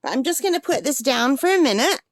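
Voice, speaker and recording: Woman, a bit high-pitched, hiccuping, relaxed rambling unboxing chat, dry booth-like sound. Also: fast talker, dry recording. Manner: chatty, rambling, with fillers and small laughs. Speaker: art supply unboxing vlogger.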